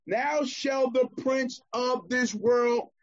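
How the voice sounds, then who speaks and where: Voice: sits high, steady tone, takes it slowly, muffled recording. A preacher in the middle of a sermon, reading scripture aloud and rousing the congregation with calls and questions.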